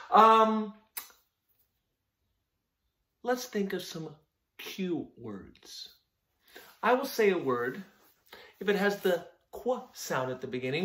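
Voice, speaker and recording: A man teaching a phonics lesson to young children, sounding out words slowly and with exaggerated care. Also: on the high side, sing-song, a bit bright. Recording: roomy echo.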